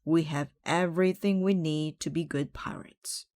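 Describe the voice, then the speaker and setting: A woman's voice: deep voice, fairly even intonation, moderate pace, darkish tone, dry recording, close to an everyday voice. A woman reading the lines of a bossy male pirate captain in a children's storybook, with a bold, blustery delivery.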